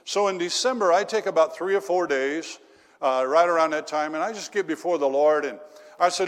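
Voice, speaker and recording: A man's voice: on the high side, fairly quick, long reverb tail. A male pastor preaching a sermon in a church, telling folksy stories and asking the congregation questions. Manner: folksy storytelling with fillers and crowd questions.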